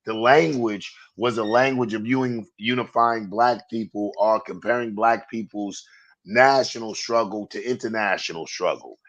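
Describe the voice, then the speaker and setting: A man's voice: fairly low pitch, normal speed, muffled recording. Man telling stories in casual talk. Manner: storytelling, digressive, animated when recounting. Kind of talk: casual political chat.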